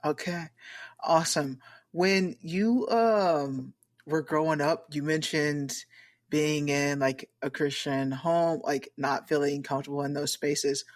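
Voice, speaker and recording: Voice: medium pitch, steady tone, takes it slowly. A podcast host asking questions in a casual interview, in a hesitant way with fillers.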